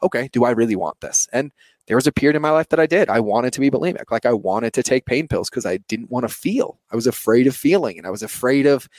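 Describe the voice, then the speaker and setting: A man's voice: medium pitch, lively intonation, quick pace, a little mellow, no room sound. A man in his thirties, an entrepreneur talking earnestly about his life, full of "like" and "you know". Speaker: entrepreneur guest. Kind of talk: reflective personal interview talk.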